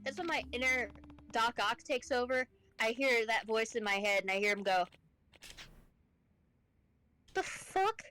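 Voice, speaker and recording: Profane ranting young woman, high voice. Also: fairly even intonation, moderate pace, sharp tone, soft background music, low-quality recording. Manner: profane ranting storyteller, swears often. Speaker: streamer co-host. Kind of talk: casual chat.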